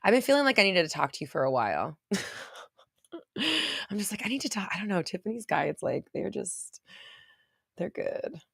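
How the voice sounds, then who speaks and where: A woman's voice: medium pitch, big pitch swings, normal speed, vocal fry, pauses often, slightly rough, no room sound, studio quality. A woman host talking casually to a live chat, rambling with many restarts and at times getting choked up. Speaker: podcast host.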